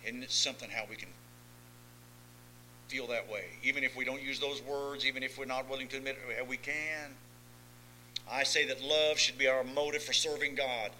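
A man preaching a sermon, swinging between soft asides and loud emphatic lines, often asking the congregation if they follow. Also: mid-range voice, fairly even intonation, normal speed, a little hiss or hum, low-quality recording. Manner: folksy, asks listeners if they follow.

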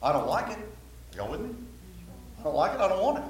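A man's voice: high-pitched, big pitch swings, fairly quick, slight background noise. A man preaching a sermon to a Baptist congregation, emphatic and repetitive, often asking the listeners questions. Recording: very echoey hall, faint ambience.

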